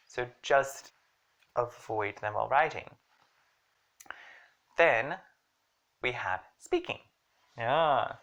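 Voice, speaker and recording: A woman's voice: rumbling low, a bit bright, dull audio. A woman teaching an English grammar lesson in a chatty, jokey way, leaning hard on words for emphasis. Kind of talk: casual online language lesson.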